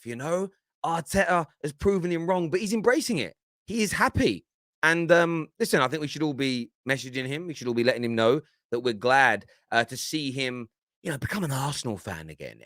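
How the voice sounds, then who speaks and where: Man, reaction show host, bright tone, teasing, laughs often, dry close sound. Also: fairly high pitch, no echo. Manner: laughs a lot, teasing, restarts phrases. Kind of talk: animated reaction commentary.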